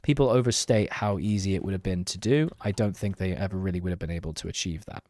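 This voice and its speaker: A man's voice: low voice, fast talker, darkish tone, dry recording, studio quality. Self-mocking young man streaming a game. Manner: self-mocking, chatty, reads and answers chat. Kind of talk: casual live-stream gameplay chat.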